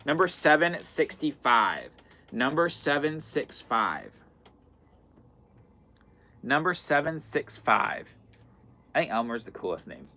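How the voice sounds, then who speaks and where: A man hosts a live-stream sale from an indoor fabric shop. His voice is bright and forward, and his talk is loose and chatty as he keeps calling out item numbers. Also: mid-range voice, big pitch swings, slow, long pauses. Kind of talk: live-stream sales chat.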